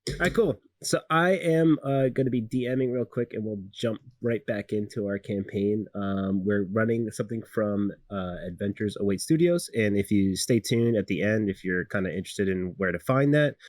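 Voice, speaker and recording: A young man running a tabletop game, narrating loosely and filling gaps with ums. His voice sits low, and the recording is dry and close. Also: moderate pace, no room sound. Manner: relaxed, filler-heavy narration. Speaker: dungeon master. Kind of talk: casual podcast game narration.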